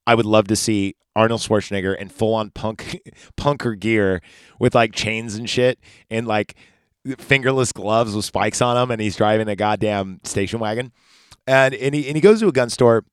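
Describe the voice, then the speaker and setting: A man's voice: lowish voice, moderate pace, smooth, no room sound. Profane rambling man, dry sound. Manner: profane, rambling, ranting asides. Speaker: podcast host. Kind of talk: casual movie recap podcast.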